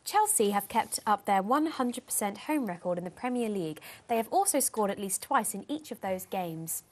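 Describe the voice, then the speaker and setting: A woman reading sports stats in a put-on posh newsreader voice with prim, crisp enunciation. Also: mid-range voice, lively intonation, moderate pace, darkish tone, close to an everyday voice. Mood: mock posh.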